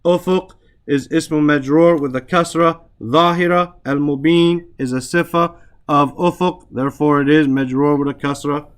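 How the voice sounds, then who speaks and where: A man's voice: fairly high pitch, steady tone, normal speed. A man teaching an Arabic grammar lesson, explaining step by step in English with Arabic terms and often checking with "right?".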